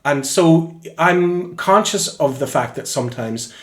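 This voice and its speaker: A man's voice: a little high, unhurried. Northern irish guy chatting away at home, acts out the voices in his stories, roomy echo. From Northern Ireland. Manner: lively storyteller, acts out quoted voices. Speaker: interviewed singer-songwriter. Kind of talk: casual interview, telling anecdotes. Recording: echoey room.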